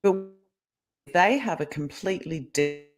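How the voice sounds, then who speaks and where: A woman's voice: fairly low pitch, expressive, measured pace. Woman, middle-aged, interview guest, video call, chatty, explanatory. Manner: talkative, explanatory, laughs often. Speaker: guest, kinesiologist and life coach. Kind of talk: casual interview chat.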